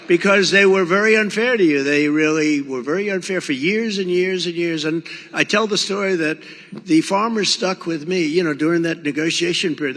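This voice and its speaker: A man's voice: on the high side, bright, forceful tone, long reverb tail. An older man giving a rambling, boastful rally speech, acting out quoted exchanges. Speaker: political speaker at a rally. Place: large rally venue.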